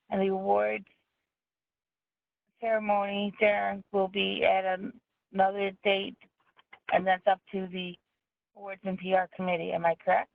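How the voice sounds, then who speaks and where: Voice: mid-range voice, creaky, no room sound. A meeting chair who sums up decisions and checks for agreement. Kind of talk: chairing a conference-call meeting. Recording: tinny phone line.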